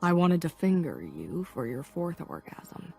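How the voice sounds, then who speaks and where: A woman reading the lines of a rough-voiced, intense young man in a low, hushed, intimate murmur. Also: big pitch swings, measured pace, faint music behind, full character voice.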